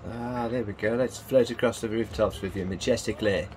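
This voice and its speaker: With a lowish, slightly mellow voice and a steady tone, this English host talks briskly against slight background noise. He jokes and chats through unboxing and playing games, exclaiming suddenly now and then in casual commentary.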